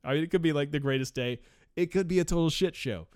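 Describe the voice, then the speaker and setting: A man's voice: on the high side, fast talker, a little mellow, clean tone, dry recording, clean studio sound. A young man casually reading an article aloud and breaking off into rambling, profane asides with frequent laughter.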